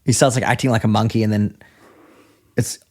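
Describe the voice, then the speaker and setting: A man's voice: on the low side, fairly even intonation, a little fast, darkish tone, dry recording, clean studio sound. A man co-hosting a podcast, casually retelling scenes with quoted lines and restarts. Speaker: podcast co-host. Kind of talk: casual chat recapping an episode.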